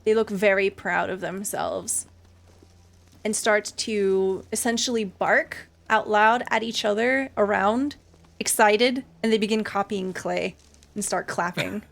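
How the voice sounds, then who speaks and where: A woman narrating as game master in a tabletop game, describing scenes slowly and in detail. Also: medium pitch, steady tone, gravelly, fairly bright tone.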